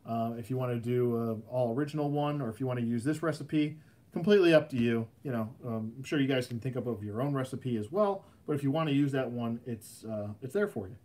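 A man of middle pitch chats casually on his live stream. He rambles easygoingly, padding his talk with lots of ums and uhs. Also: fast talker, a little mellow. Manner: rambling, filler-heavy, easygoing. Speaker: host of a live custom action figure stream.

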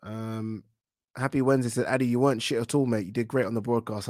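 A man hosting a live stream, chatting about boxing and reading out viewer comments, animated and swearing now and then. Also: medium pitch, fast, no echo, clean studio sound. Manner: animated, swears when worked up, many fillers. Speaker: boxing talk show host.

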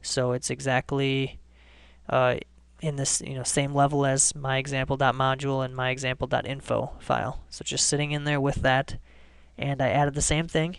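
A man hosting a screencast programming lesson, explaining each step in a relaxed way and often restarting his sentences. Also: mid-range voice, moderate pace, vocal fry, clear, resonant tone, no room sound. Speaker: coding tutorial host.

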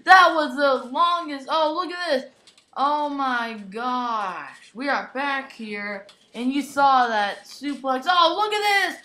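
Young woman, high bright voice, excited toy-match commentary, shouty exclamations, echoey room. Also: takes it slowly.

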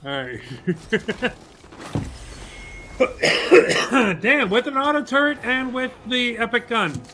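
A man giving casual, joking commentary while playing a video game, with excitable outbursts. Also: extremely high pitch, slow pace, slight background noise. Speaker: gaming streamer.

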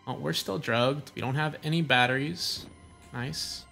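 A man's voice: medium pitch, unhurried, gravelly, sharp tone, soft background music. A young man giving casual let's-play commentary, reacting with crude, sarcastic jokes. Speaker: gaming voice-over streamer.

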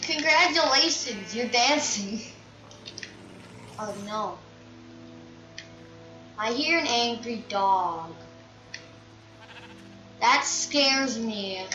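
High-voiced woman chatting over gameplay. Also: animated, extremely slow, long pauses, pushed and bright. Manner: chatty, grumbling at the game and scolding the animals. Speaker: gameplay commentator. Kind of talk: casual let's-play commentary. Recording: dull, echoey, distant mic with game music. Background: game music.

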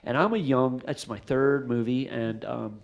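A man's voice: medium pitch, a little slow, gravelly, lo-fi sound. A middle-aged man, a film director, telling stories at a live Q&A after a screening, acting out voices in his anecdotes. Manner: animated, acts out voices in anecdotes. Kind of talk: storytelling at a live Q&A. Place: theater stage after a screening.

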